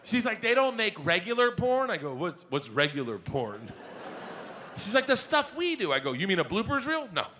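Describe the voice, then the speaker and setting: A man doing a stand-up comedy set, telling a story loudly and acting out the other people in it with shouted voices. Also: sits high, moderate pace, slight background noise. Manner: loud, animated storytelling that jumps into shouted voices. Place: comedy club stage before an audience.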